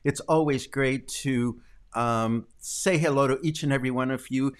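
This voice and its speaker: A middle-aged man hosts a daily live stream from home, chatting casually with viewers. His mid-range voice is smooth and moderately paced, and he rambles with many ums and self-corrections.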